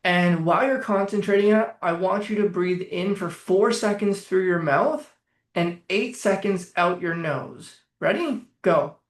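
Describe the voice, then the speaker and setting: A man speaking as a coach in a casual, energetic way, swearing freely as he leads listeners through guided exercises. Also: high-pitched, measured pace, roomy sound. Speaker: trauma coach.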